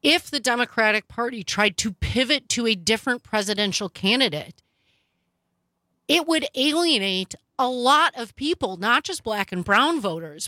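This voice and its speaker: A woman hosting political talk radio, speaking in a brisk, emphatic, opinionated way into a studio microphone. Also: fairly high pitch, pushed and bright, no room sound. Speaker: radio talk show host.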